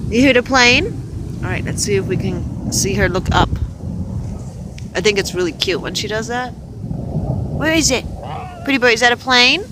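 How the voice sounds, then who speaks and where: A woman's voice: fairly high pitch, expressive, a little slow, long pauses. A woman from Arizona chatting outdoors on a windy day, cooing to her pet goose in sing-song baby talk. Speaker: pet goose owner vlogging. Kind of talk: casual chat to camera and pet. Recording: wind noise outdoors. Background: wind gusts.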